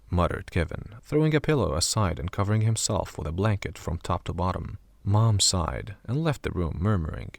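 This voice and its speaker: A man narrating a horror story audiobook in a measured, steady way. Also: low-pitched, gravelly, no echo. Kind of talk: scripted narration.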